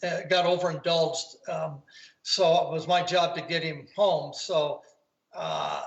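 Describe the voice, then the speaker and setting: A man's voice: on the high side, animated, takes it slowly. An older man, a golf commentator, telling rambling anecdotes in a casual interview over a video call from home. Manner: rambling anecdotes, acts out quoted voices. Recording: roomy, dull video-call audio.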